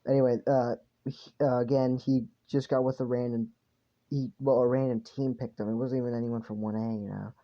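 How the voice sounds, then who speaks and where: Tired man, rambling fan-story narration, gravelly, dark, dull lo-fi recording. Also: medium pitch, flat delivery, a little fast. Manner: rambling, with many fillers and swearing.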